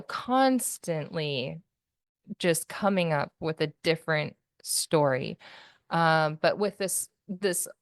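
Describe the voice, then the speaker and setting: A woman's voice: low-pitched, dry recording, clean studio sound. A woman guest giving a candid personal account in an interview, rambling and full of fillers like "like" and "you know.".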